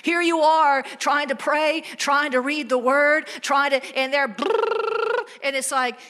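A woman preacher delivering an animated sermon full of playful storytelling. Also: high-pitched, measured pace.

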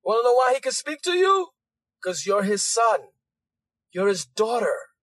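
High-voiced, shouting male preacher. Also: big pitch swings, no echo. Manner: loud, emphatic preaching with shouted lines and quick asides. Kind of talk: sermon.

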